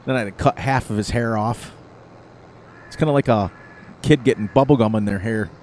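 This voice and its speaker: A middle-aged man hosts a gaming channel, chatting casually over gameplay and telling rambling stories with lots of laughter. His lowish voice is a little fast and a little mellow, with a slight hiss or hum in the audio.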